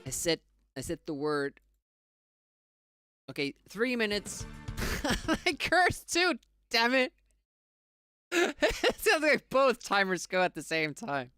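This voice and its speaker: This medium-pitched voice belongs to an energetic streamer from Finland whose first language is Finnish. Speaking slowly with frequent pauses, they chat casually on a live stream, laughing often and replying to chat mid-game while game music plays.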